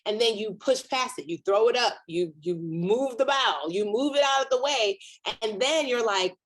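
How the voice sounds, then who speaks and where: A woman comedian and author, guest on a virtual panel, talking in an animated storytelling way and acting out inner voices. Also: moderate pace. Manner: animated storyteller, acts out inner voices with big pitch jumps.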